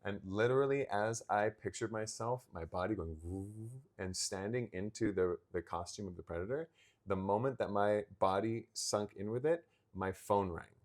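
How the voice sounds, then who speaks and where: A man in his thirties, co-hosting a casual podcast chat and telling a personal story, acting out the remembered dialogue with animated energy. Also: lowish voice, moderate pace. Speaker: podcast co-host.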